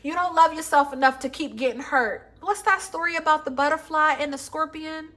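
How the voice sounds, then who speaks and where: A woman's voice: high-pitched, a little fast, fairly bright tone. A woman reading tarot cards for her viewers, blunt and emphatic, swearing freely and calling listeners baby and honey. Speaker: tarot reader. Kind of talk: casual tarot reading vlog.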